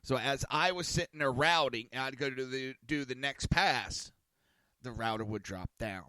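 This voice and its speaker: A man's voice: mid-range voice, normal speed, bright, forceful tone, no room sound, studio quality. A man hosting a casual talk podcast, rambling and swearing in an exasperated tone. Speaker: podcast host. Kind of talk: casual ranting talk show.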